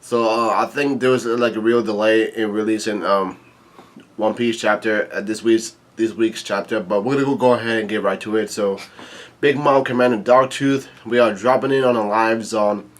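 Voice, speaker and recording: A man giving a casual, laid-back read-through of a comic chapter, halting with many ums, uhs and restarts. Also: on the low side, steady tone. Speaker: YouTube manga reviewer.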